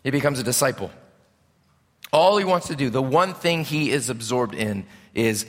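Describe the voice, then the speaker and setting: A man preaching a sermon as a pastor, impassioned, swinging between loud and hushed. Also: mid-range voice, animated, moderate pace. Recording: preached in a reverberant hall.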